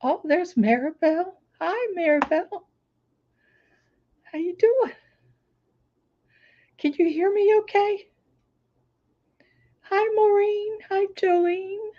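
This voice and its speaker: A woman with a hoarse, recovering voice, chatting casually on a livestream and greeting her viewers by name. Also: very high voice, takes it slowly, long pauses, lo-fi sound. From Florida. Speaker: crafting channel host. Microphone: laptop microphone.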